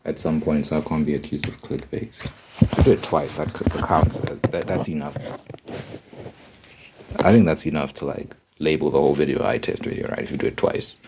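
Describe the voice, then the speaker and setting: A man with a very low voice, doing whispered role-play. He rambles and jokes, slipping between breathy whispers and soft talk. A loud steady noise sits under his voice. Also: a little fast. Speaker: ASMR creator.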